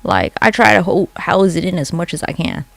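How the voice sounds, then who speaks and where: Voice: medium pitch, very animated, a little fast, creaky, a bit bright, no room sound. A livestreamer chatting casually late at night from home into a phone, rambling, swearing freely and answering comments from chat.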